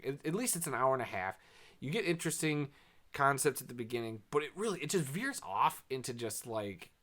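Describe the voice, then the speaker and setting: A man's voice: medium pitch, a bit bright. Rambling, sarcastic male movie reviewer. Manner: rambling, sarcastic, filler-heavy with frequent sighs and laughs. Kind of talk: casual spoken review.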